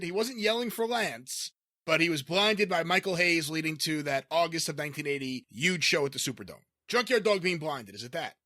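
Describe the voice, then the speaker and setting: High, lively, giggling podcast host man. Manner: giggly, quick to laugh, playful. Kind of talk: casual comedy podcast chat.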